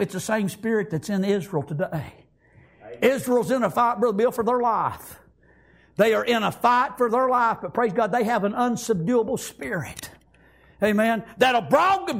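Male preacher, impassioned sermon delivery, very high for a man, husky, keeps calling out amens. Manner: fervent, breaks into shouts, fills pauses with "praise God" and "amen".

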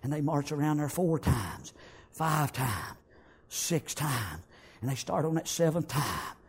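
A man preaching a sermon, acting out the story, shouting some lines and whispering others. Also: fairly high pitch, big pitch swings, unhurried, husky.

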